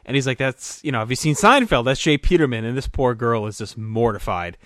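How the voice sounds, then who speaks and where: A man co-hosting a podcast, animated as he tells a story and laughs along with it. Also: mid-range voice, a little fast, no room sound, clean studio sound. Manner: animated, laughs through his own story. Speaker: podcast co-host. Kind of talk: casual storytelling chat.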